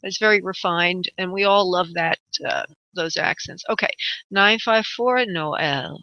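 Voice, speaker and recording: Bright-voiced woman calling callers darling. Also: on the low side, measured pace, no room sound. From United States. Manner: calls callers honey and darling, rambling and chatty. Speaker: psychic medium radio host. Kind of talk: call-in radio show chat. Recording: dull lo-fi internet radio audio.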